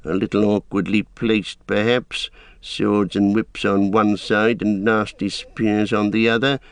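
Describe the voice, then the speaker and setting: A man voicing a cruel, greedy male goblin who speaks in a soft hissing whisper, slow and mock-tender. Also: lowish voice, little pitch movement, dry recording. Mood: menacing.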